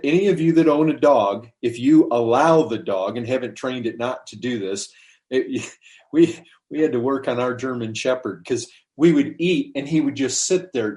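A man's voice: mid-range voice, darkish tone. A man preaching a sermon in a conversational way, asking rhetorical questions and acting out quoted lines.

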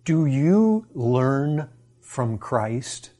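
A man's voice: mid-range voice, very animated, very slow, warm tone. A man preaching a sermon to his congregation, impassioned and full of rhetorical questions.

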